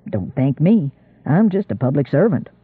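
Man putting on an older squire, drawl, gruff, dry, deep, lively pitch. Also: moderate pace, no room sound, phone-quality sound, exaggerated voice.

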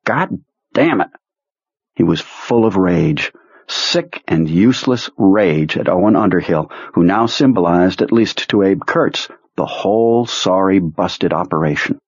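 A male narrator reads a novel aloud in a measured, dramatic way. His low, husky voice is close and dry. The recording sounds muffled and lo-fi. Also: no echo. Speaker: audiobook narrator. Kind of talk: scripted narration.

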